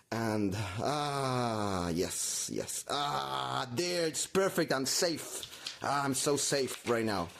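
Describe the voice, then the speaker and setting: Slow, theatrical man explaining a craft. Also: mid-range voice. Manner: melodramatic, talks to himself with mock anxiety; halting, many restarts. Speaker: craft tutorial maker.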